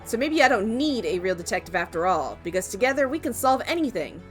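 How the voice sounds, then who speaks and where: A woman's voice: medium pitch, sing-song, fast, faint music behind, lightly acted. A woman voicing a small earnest robot. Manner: gentle, earnest. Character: earnest small investigation robot, shy with people.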